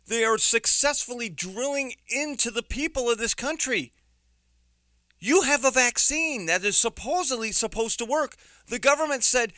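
Indignant New York man, lively and bright. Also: very high voice, moderate pace, no room sound, studio quality. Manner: indignant, emphatic, sarcastic. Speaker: commentator. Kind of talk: opinion commentary monologue.

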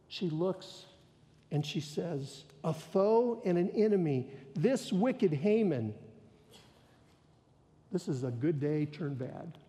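A male pastor preaching with a fairly high yet mellow voice. He tells the story with rising emphasis and acts out the people in it. His voice rings through a big hall with long reverb. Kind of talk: sermon.

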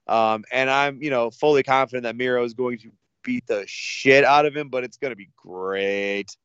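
Dude cohosting a wrestling podcast, dry jokey chat, smooth clear voice, kinda muffled dry sound. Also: male voice, medium pitch, normal speed, a bit bright, dry recording. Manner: joking, wry, laughs often. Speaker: podcast co-host.

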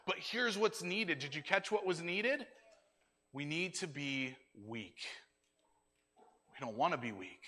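A high-voiced man preaches to children in a lively, playful way, acting out the lines he quotes. His tone is bright and ringing, and the sound echoes through a church hall with a long reverb. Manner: animated, acts out quotes for kids. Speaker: children's ministry speaker. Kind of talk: children's sermon.

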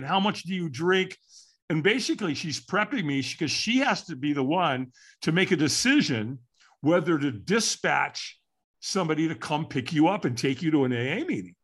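With a somewhat high, fairly bright voice, an older man from California recounts his own story during an interview. He speaks earnestly and openly, quoting his earlier thoughts aloud.

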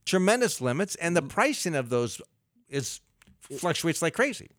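A middle-aged man, a financial advisor, explaining investing on a radio talk show in a lively way with everyday analogies. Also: fairly high pitch, normal speed, no echo, clean studio sound.

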